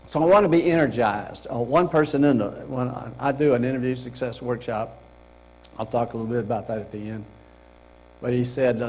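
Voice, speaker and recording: A man's voice: medium pitch, fairly quick, a little mellow, low-quality recording. A middle-aged man presenting a career workshop to a group in a meeting room, speaking casually and acting out example lines with a laugh.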